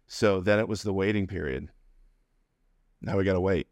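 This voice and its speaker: A man's voice: low voice, normal speed, a little mellow, dry recording, studio quality. A middle-aged man telling a personal story in a conversational, humorous way, laughing between phrases. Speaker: interview guest.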